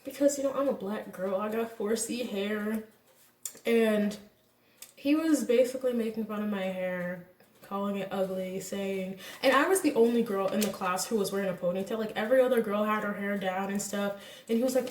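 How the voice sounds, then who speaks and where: A young woman vlogger casually telling a personal story, candid and animated, acting out what people said. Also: mid-range voice, a little fast, far from the mic, a little hiss or hum. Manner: candid, animated retelling with quoted voices and laughs. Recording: echoey room, voice a bit off-mic.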